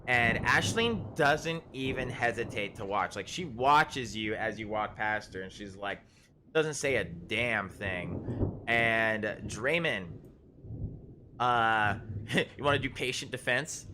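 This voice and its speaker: A man's voice: mid-range voice, expressive, takes it slowly, noisy background. A man narrating a tabletop game as game master, rambling with many fillers and often laughing.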